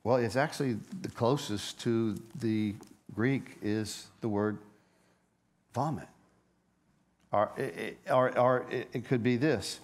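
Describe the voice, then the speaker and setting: A man preaching a sermon as a pastor, telling a story with lively energy and frequent stammered restarts. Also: medium pitch, takes it slowly.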